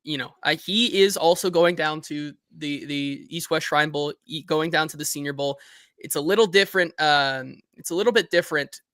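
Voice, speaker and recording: Bright, dry-voiced sports talk host man. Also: a little high, moderate pace, no room sound. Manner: animated, reads listener comments aloud.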